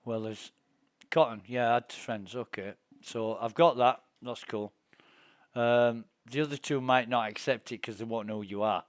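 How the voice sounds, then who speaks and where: A man's voice: medium pitch, steady tone, normal speed, dry recording, clean studio sound. A middle-aged man, streaming a space game and telling rambling, profane, indignant stories. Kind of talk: casual gameplay chat and storytelling.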